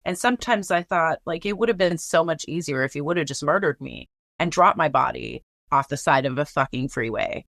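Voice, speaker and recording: Woman w a low voice, earnest and blunt, telling her own story, dry sound. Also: expressive, fairly quick, creaky, few pauses, a bit bright, no echo. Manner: candid, earnest, swears freely. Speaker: guest. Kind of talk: personal storytelling.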